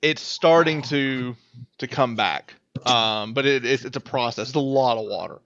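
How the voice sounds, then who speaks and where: A man's voice: medium pitch, moderate pace, a bit bright. A man running a tabletop game as game master, talking casually with many fillers and repeated words. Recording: dull lo-fi audio, dry.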